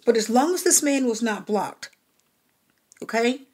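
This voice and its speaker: A woman gives a personal tarot reading in a fairly high, husky voice. She talks straight to the listener, stresses her points, repeats them and keeps asking if they are heard. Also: animated, measured pace, a little mellow. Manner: emphatic, repeats herself, checks in with "okay?". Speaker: tarot reader.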